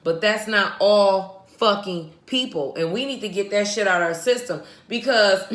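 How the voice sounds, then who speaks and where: An American woman vlogger giving blunt, profane, animated commentary to her viewers. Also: mid-range voice, measured pace, creaky. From United States. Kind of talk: ranting commentary. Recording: echoey room.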